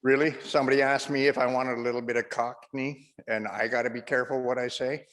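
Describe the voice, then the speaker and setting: A man's voice: medium pitch, little pitch movement, fast talker, fairly bright tone, long reverb tail, a little hiss or hum. A man with a Canadian accent doing chatty, self-mocking stand-up comedy as host of an online show over a video call.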